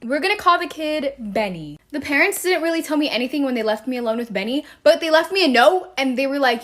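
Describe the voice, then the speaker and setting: A young woman recounting a babysitting story in a casual, animated storytime monologue. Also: sits high, quick pace, few pauses. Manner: casual, animated retelling with quoted dialogue.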